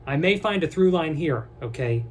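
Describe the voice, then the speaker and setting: A young man rambling casually to his viewers, joking one moment and halting the next. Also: a little high, lively intonation, a little hiss or hum. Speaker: vlogger.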